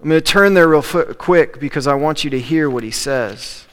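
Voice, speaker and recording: A man's voice: fairly high pitch, moderate pace, fairly bright tone. A man preaching a sermon as a pastor, in a conversational way that repeats key phrases for emphasis. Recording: long reverb of a large hall.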